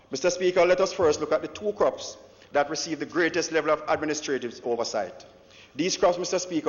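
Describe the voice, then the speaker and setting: Jamaican man giving a parliamentary speech. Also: fairly high pitch. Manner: declamatory, punctuates with "Mister Speaker". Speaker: opposition member of parliament. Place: large parliament chamber. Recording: dull echoey chamber broadcast audio.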